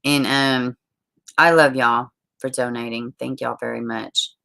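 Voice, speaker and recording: Woman streamer, bright voice, chatty and salty, calls viewers "baby". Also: a bass voice, fairly even intonation, measured pace, creaky. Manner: chatty, swears, greets viewers with endearments. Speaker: livestream host. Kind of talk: casual livestream chat reading viewer comments.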